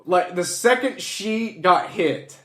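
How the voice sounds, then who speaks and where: A man's voice: high voice, lively intonation, slow pace, a bit bright. A young man telling a long, swear-filled anecdote in a casual chat and acting out the voices in it. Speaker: co-host. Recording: echoey room.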